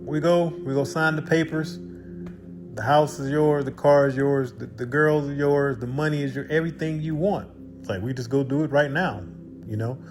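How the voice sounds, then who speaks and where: A man voicing a smooth-talking male recruiter who makes big promises in a coaxing, salesy way. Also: a little high, steady tone, normal speed, over music, natural voice.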